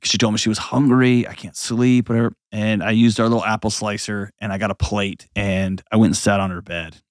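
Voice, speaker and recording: A man's voice: lowish voice, flat delivery, fairly quick, dry recording, studio quality. A man in his forties hosting an advice show, talking emphatically and bluntly, with mocking put-on voices and heartfelt stories. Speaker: host giving advice. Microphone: studio mic.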